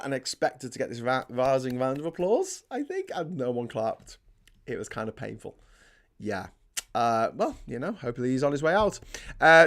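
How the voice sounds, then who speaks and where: A man's voice: mid-range voice, very animated, moderate pace. Male stream host, casual news chat, sardonic and rambling, prone to ranting. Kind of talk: casual live-stream commentary, reading out chat comments.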